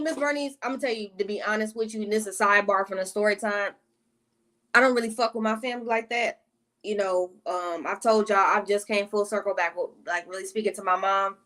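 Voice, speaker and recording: High-voiced woman telling a profane storytime. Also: a bit bright. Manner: profane, rambling, with side tangents to viewers. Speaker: vlogger. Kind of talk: casual storytime monologue.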